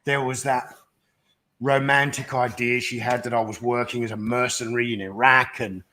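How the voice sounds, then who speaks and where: A man hosts a relaxed live question-and-answer stream. He reads out viewers' questions and pokes fun at himself in an easygoing, chatty way. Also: mid-range voice, moderate pace. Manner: self-deprecating, joking. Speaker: host reading viewer questions. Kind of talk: casual live Q&A chat.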